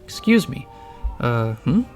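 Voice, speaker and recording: A man's voice: medium pitch, very animated, slow, faint music behind. A man doing a stammering, nervous teenage boy. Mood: hesitant. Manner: hesitant, stammering.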